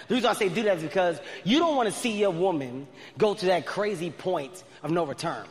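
A male stand-up comedian doing a routine for a live audience, loud and often shouting. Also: sits high, lively intonation, fairly quick, hardly any pauses. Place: large venue before a live audience. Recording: long reverb of a large hall.

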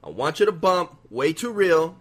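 A man hosting a casual interview, relaxed and hyping up his guest. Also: fairly high pitch, normal speed. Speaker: podcast host.

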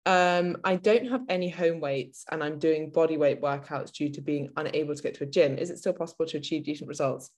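Low-voiced woman, relaxed. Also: brisk, hardly any pauses. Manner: relaxed, reading out listener questions. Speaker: podcast co-host and fitness coach. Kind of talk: casual chat.

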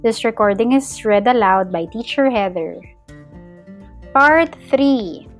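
A woman teacher reading a children's story aloud, in slow, clear storytelling with lively character voices. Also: a little high, faint music behind. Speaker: English teacher.

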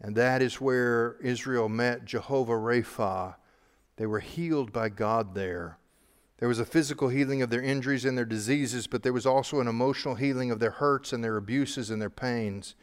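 A male pastor delivers a Bible-teaching sermon at a mid-range pitch, his voice trailing long reverb through a large hall. He talks earnestly, spells out names letter by letter, and moves between rising emphasis and hushed, slowed phrases. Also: clear, resonant tone.

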